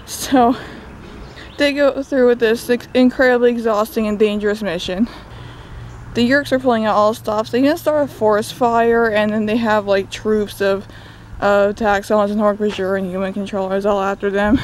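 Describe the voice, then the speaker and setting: A woman's voice: mid-range voice, fairly even intonation, moderate pace, slight background noise, low-quality recording. A young woman casually recapping a book on a walk in the woods, with sarcastic asides, recorded on a phone. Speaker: book vlogger. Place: outdoors in woods.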